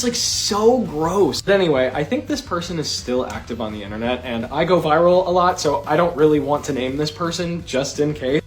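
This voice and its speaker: A man in his thirties tells a casual story with real animation, acting out each scene as he goes. His pitch swings widely from low to high, and faint music sits quietly in the background. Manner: animated, acts out the scenes he describes.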